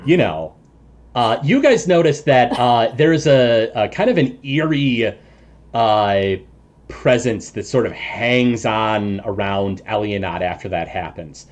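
A man's voice: medium pitch, measured pace. A man running a tabletop game as game master, describing the scene with frequent chuckles and filler words. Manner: chuckles often, many ums and restarts.

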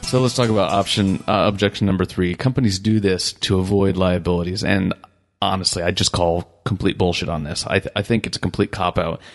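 A man with a low, gravelly voice hosts a business podcast. He talks bluntly and frankly, ranting casually and speaking his mind. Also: steady tone, fairly quick, faint music behind. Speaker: podcast host. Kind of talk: casual opinion podcast talk.

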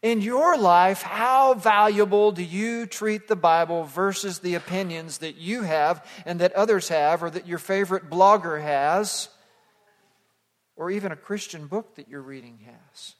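A man preaching an expository sermon as pastor, moving from hushed passages to loud emphatic calls that the congregation repeats. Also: high voice, measured pace. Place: church sanctuary. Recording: long hall reverb.

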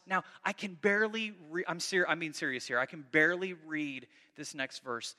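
A male pastor preaches a little fast in a high, piercing voice that rings through a long hall reverb. He reads scripture aloud in a heightened, dramatic style during his animated sermon, then shifts into loose, conversational asides, interrupting himself and restarting mid-sentence.

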